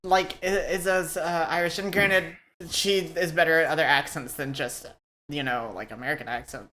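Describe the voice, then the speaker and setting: Woman podcast host, loose and profane, lots of restarts, a bit low-pitched. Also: steady tone, normal speed, bright, forceful tone. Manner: rambling, swears freely, many restarts. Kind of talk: casual podcast chat.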